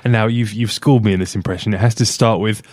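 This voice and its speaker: A man's voice: on the low side, fairly even intonation, fast talker, darkish tone, no echo. A man co-hosting a casual radio talk show, teasing and wry.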